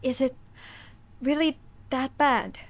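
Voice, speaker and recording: A shy, awkward male incubus from a game, stumbling over his flirting in a soft, hesitant voice that sits lower and quieter than the rest of the stream, as a woman puts him on. He stammers and backpedals, nervous and eager to please. He is clearly a nerd out of his depth. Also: fairly even intonation, slow. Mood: flustered.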